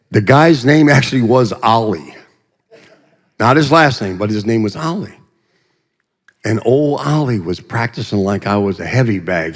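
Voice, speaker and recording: A man giving a guest testimony in a church, telling his story in a folksy, humorous way with vivid asides. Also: lowish voice. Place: church sanctuary. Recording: long reverb of a church hall.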